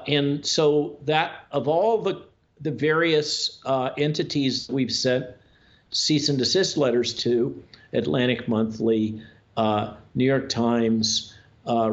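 Male talk guest, mid pitch, gravelly, deliberate with fillers, muffled remote audio. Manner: measured, drawn-out delivery with frequent uh fillers. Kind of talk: conversational interview talk. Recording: dull lo-fi audio.

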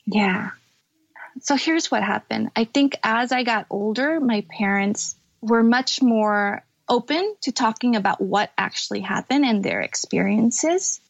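A young adult woman shares her family's history as a podcast guest, speaking candidly and pausing as emotion rises. Her voice sits fairly high. The sound is dry and a little muffled. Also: animated, gravelly, dry recording. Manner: candid, tearful at times, halting. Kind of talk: emotional personal storytelling.

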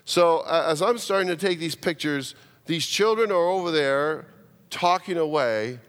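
A man's voice: fairly high pitch, expressive, slow pace, fairly bright tone. A man, a pastor telling a story in a sermon, repeating words, stopping to restart, and acting out the voices he quotes. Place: church sanctuary. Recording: long reverb of a church hall.

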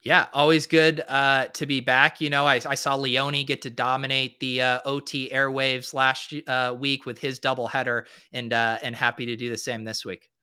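Bright-voiced joking man. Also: medium pitch, flat delivery, moderate pace, few pauses, clear, resonant tone. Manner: joking and self-deprecating. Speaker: podcast guest. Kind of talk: casual podcast chat.

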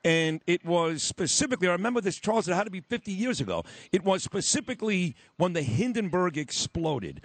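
Boisterous radio host guy, higher voice, lots of swing in his pitch, super dry close sound. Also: very animated, fairly quick, hardly any pauses, no room sound. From New York. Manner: boisterous, joking. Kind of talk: live radio conversation.

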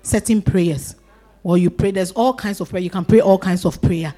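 A woman pastor preaching a sermon, lively and acting out the voices of a crowd. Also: mid-range voice, moderate pace.

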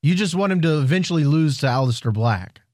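A man's voice: a little high, lively intonation, fairly quick, darkish tone, a little hiss or hum. A man co-hosting a casual podcast, arguing his points and pressing his partner with pointed questions. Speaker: podcast co-host. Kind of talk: casual wrestling chat.

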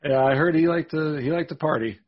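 Male host, raspy voice, eager fan tone, lo-fi sound. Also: a little high, brisk. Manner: eager, short backchannels, enthusiastic fan. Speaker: interview host. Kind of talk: casual interview.

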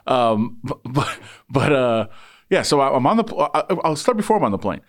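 A sports reporter tells a long story in casual conversation, animatedly acting out and voicing the people in it. He speaks at medium pitch and a moderate pace.

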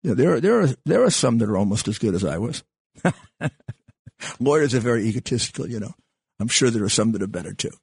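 An older man hosts a talk radio show in a husky, slightly rough voice. He rambles with halting restarts and plenty of fillers. The sound is dry and close, with no room around it. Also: fairly low pitch, sing-song, darkish tone, no echo. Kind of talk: casual talk radio monologue.

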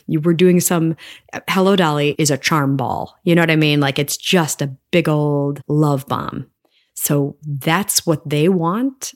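A woman's voice: sits low, darkish tone. A woman in her forties, a stage actress, talking reflectively as a guest in a casual interview, with many restarts. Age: 40s.

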